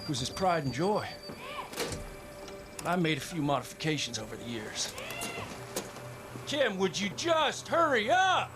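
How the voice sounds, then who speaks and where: An actor playing a desperate young rural pilot who swears often and swings between panic and cheer, in a video game cutscene. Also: male voice, fairly high pitch, very animated, unhurried, long pauses, music in the background. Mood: boastful. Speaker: bush pilot.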